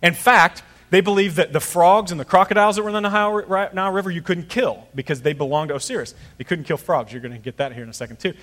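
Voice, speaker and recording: Storytelling male pastor with a slightly high voice. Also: fast talker, few pauses, a bit bright, long reverb tail. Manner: conversational, storytelling preacher acting out voices. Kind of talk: sermon.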